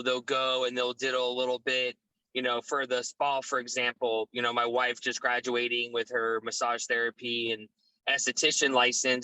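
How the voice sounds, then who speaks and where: Middle-aged man, podcast guest, bright forceful tone, measured and poised, dry close sound. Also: medium pitch, dry recording, low-quality recording. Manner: measured, poised, steady delivery. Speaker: podcast guest, business owner. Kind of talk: casual business interview.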